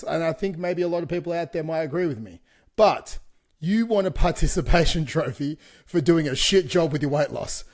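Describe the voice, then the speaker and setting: A man's voice: fairly high pitch, darkish tone. A man co-hosting a fitness podcast, talking bluntly in casual chat and swearing freely. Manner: blunt, swears freely, laughs between points. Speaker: podcast co-host, fitness coach.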